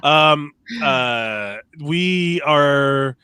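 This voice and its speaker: A man's voice: fairly high pitch, extremely slow, sharp tone, smooth, no room sound. A man co-hosting a podcast, talking in a casual, rambling way with plenty of restarts and swearing. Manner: rambling, stumbling restarts, profane. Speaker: podcast co-host. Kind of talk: casual chat.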